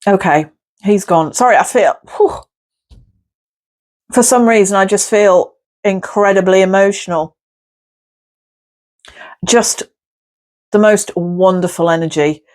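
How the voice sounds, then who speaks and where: A woman's voice: mid-range voice, slow pace, long pauses, a little mellow. A woman working as a spirit medium, talking to camera in an effusive, gushing way during a channelling session. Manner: effusive, gushing, repeats "wonderful".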